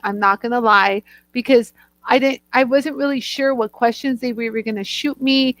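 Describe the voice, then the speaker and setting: A woman's voice: fairly high pitch, steady tone, normal speed, a bit bright, no room sound. A woman hosting a live-stream Q&A, bubbly and gushing, greeting viewers by name. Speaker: host and product inventor.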